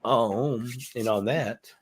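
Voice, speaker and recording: Speaking slowly at medium pitch, this livestream co-host thinks out loud as he browses a website, rambling along and cracking jokes in casual chat.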